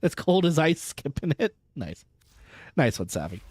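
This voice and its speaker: In a relaxed live gaming stream, an American male vtuber jokes and chats animatedly with his viewers. He speaks a little slowly in a voice on the high side with a breathy edge, captured in a dry recording.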